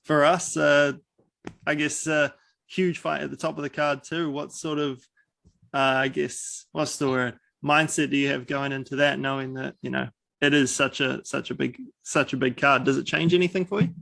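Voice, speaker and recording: A man asks interview questions, hesitating and filling the pauses with "uh." His voice is gravelly and stays flat in pitch. The sound is dry and close, with no room echo. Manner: hesitant, lots of filler "uh". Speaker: sports show host.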